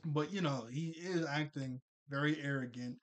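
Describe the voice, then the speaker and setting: A young man casually recapping a cartoon episode, chatty and quick to laugh, full of fillers and restarts. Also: a little high.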